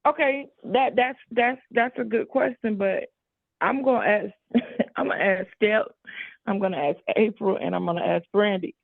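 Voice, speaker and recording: A woman's voice: mid-range voice, normal speed, creaky, no echo, narrow, tinny audio. A woman on a discussion panel, arguing emphatically and talking over the others. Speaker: panel guest.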